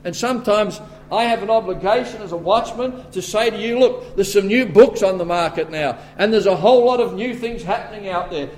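An Australian man delivers a sermon from the pulpit, his voice sitting high for a man. He reads scripture slowly, then climbs into loud, emphatic warnings before settling back to a plainer teaching tone. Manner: emphatic, rising to forceful bursts. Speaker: preacher.

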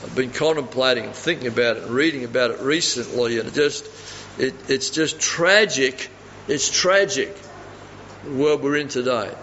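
A man's voice: mid-range voice, moderate pace, fairly bright tone. Man, sermon, repeats key phrases, muffled lo-fi sound, faint background hiss. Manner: emphatic, repeats phrases for stress. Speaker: preacher. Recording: dull audio with long reverb in a hall.

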